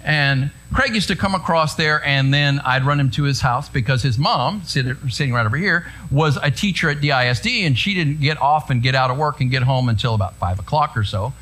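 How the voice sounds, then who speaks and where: A middle-aged man preaching a sermon in a conversational, storytelling way, often checking in with the congregation with quick asides. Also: mid-range voice, pushed and bright. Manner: conversational, anecdotal preaching with frequent "right?" asides. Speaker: pastor.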